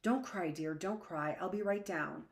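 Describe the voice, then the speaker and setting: A woman's voice: fairly low pitch, a little slow. A woman reading aloud as an elderly woman who fusses in a kindly, motherly, scolding way.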